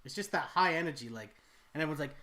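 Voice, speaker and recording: A man's voice: a little high, expressive, quick pace, sharp tone. Dry-joking man on a drawing stream. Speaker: comic artist streaming his drawing. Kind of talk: casual live-stream chat.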